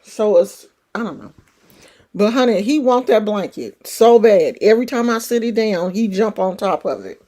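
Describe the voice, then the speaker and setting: A woman's voice: medium pitch, expressive, moderate pace, warm tone. Chatty woman with a country twang. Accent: California country twang. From California. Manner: chatty, rambling, folksy. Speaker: livestream host. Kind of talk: casual chat.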